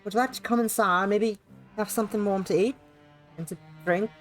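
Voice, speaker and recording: A friendly young village girl from a visual novel, alone for a long time, invites a traveler in as a streamer puts her on. Her put-on southern drawl keeps drifting toward Scottish. The voice sits at a middling pitch. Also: unhurried, soft background music, close to an everyday voice. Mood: welcoming.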